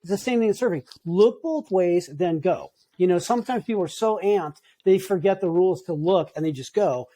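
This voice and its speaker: A man's voice: high-pitched, fairly quick, few pauses, mellow. A man in his fifties, a surf coach, talking in a laid-back, easygoing way on a podcast. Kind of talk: casual podcast chat.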